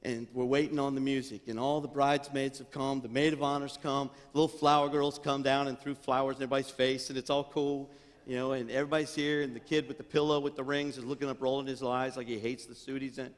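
A male pastor preaching a sermon, swinging between fervent, near-shouted passages and quiet, chatty storytelling. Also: mid-range voice, little pitch movement, fast, big-room sound. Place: church sanctuary.

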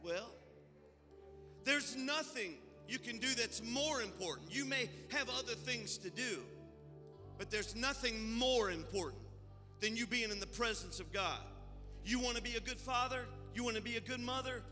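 A high-pitched man preaches with fervor, rallying his congregation. His voice is bright and forceful, carrying a long church-hall reverb with faint music underneath. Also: moderate pace. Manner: fervent, exhorting, calls out to the congregation. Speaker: pastor. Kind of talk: sermon and worship leading. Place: church sanctuary.

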